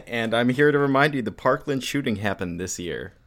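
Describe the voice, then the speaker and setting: A man's voice: mid-range voice, expressive, fairly quick, a bit bright. A man co-hosting a podcast, mostly giving short replies and laughing. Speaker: podcast co-host. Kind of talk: casual podcast banter.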